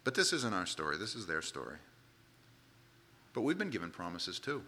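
Guy preaching a sermon, acts out the quotes, super lively voice. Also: sits low, moderate pace. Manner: animated, dramatic storytelling with quoted voices.

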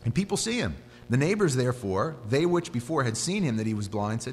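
A man preaching a sermon, telling the story with animated, conversational storytelling that rises and drops. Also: medium pitch, fast talker, faint music behind. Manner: animated storytelling, voice rising and dropping. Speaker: pastor. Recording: hall reverb with faint hum.

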